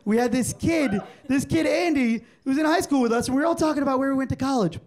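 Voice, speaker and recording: A man's voice: very high voice, fast. A man in his forties doing a stand-up comedy set on a club stage, telling stories and acting out the exchanges in them. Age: 40s. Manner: animated storytelling, acting out quoted exchanges. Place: comedy club stage before a live audience.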